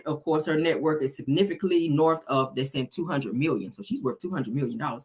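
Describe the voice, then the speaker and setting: A woman's voice: deep voice, a little fast, hardly any pauses, a little mellow. A woman hosting celebrity gossip in a sassy, chatty way, calling her viewers honey and baby. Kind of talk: casual gossip commentary.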